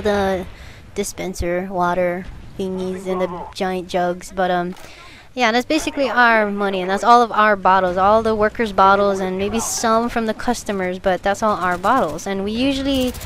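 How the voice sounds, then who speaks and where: Slight background noise sits under a medium-pitched female voice telling work stories during gameplay. The young commentator keeps things relaxed and giggly, frequently laughing mid-story.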